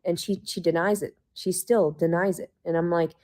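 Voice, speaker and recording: A woman's voice: fairly low pitch, steady tone, normal speed, darkish tone. A woman ranting angrily in a hotel room, swearing heavily and sounding stuffy and unwell. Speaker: vlogger in a played video. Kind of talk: angry ranting monologue.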